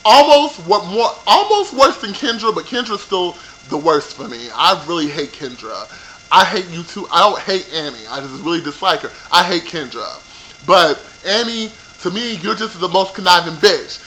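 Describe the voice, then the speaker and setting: A man recapping a reality TV episode for his viewers in a profane, animated rant, talking straight to them. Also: sits high, moderate pace, slight background noise, rough recording. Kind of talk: ranting show recap.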